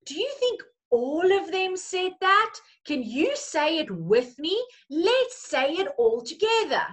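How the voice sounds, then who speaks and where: A woman's voice: very high-pitched, very animated, slow. A woman teacher, reading a picture story to young children in a playful, coaxing way.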